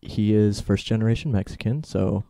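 Halting young man with a dark voice. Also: lowish voice, gravelly, dry recording, clean studio sound. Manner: halting, lots of uh and um, deadpan jokes. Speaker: podcast guest. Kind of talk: casual chat.

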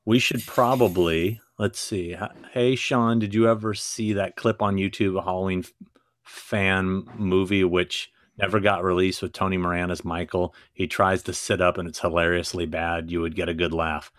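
A man's voice: low-pitched, little pitch movement, moderate pace, no room sound, studio quality. A man co-hosting a live horror podcast in casual chat, playful and prone to restarts. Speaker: podcast co-host.

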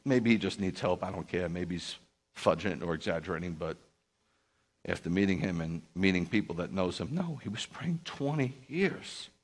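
Male rabbi, very low voice, emphatic storyteller who acts out the dialogue in his sermon. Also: steady tone, brisk. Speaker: Messianic rabbi. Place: speaking live to a group.

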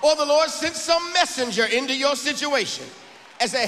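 High-voiced preaching man, ringing hall. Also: moderate pace, a little hiss or hum. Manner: preaching with call-outs and sung, shouted phrases. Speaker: pastor. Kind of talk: sermon. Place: church sanctuary.

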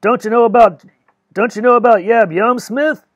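A man voicing a boisterous young male poet with a loud, booming, teasing manner in an audiobook reading. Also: normal speed, dry recording, muffled recording.

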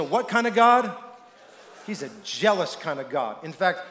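A male pastor delivers an emphatic sermon in a high voice, pausing to throw questions to the congregation so they can complete his thoughts. His voice echoes around a large church sanctuary, with a long reverb tail. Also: sing-song, a bit bright.

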